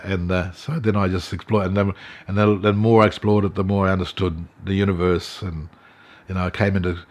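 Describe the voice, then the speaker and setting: An older Australian man, an artist and elder, telling his story in an interview, halting, with many fillers and restarts. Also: lowish voice. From Central Australia.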